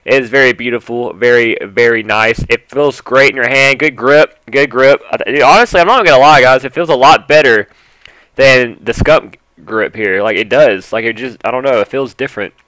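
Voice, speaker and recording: Bright-voiced young Southern man gushing. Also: medium pitch, moderate pace, no echo, poor audio. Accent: Southern US country. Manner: gushing, swings between hushed awe and loud excitement. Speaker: YouTuber. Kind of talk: excited unboxing vlog.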